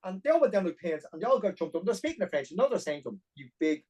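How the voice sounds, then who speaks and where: A middle-aged Irish man telling a long personal story as a podcast guest, animated and full of detail. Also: sits high, slightly rough, rough recording. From Ireland. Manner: animated, fast-paced anecdotal storytelling. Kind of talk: storytelling interview.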